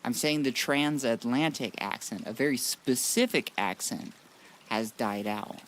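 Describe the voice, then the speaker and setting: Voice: mid-range voice, measured pace, slight background noise. A streamer from the United States chatting loosely and swearing while playing a game, answering chat as they go. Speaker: gaming streamer. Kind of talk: casual live-stream chat.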